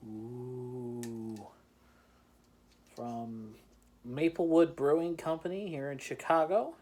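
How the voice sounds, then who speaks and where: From his home in the Chicagoland area, a man hosts a relaxed beer-tasting chat, rambling, poking fun at himself and laughing often. He speaks slowly in a medium-pitched, steady, slightly mellow voice, with a little hiss or hum in the recording.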